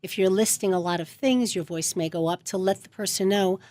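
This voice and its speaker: A woman's voice: mid-range voice, fairly quick, darkish tone. A woman speech coach giving a radio interview from a studio, talking emphatically and stressing key words as she explains. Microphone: studio microphone.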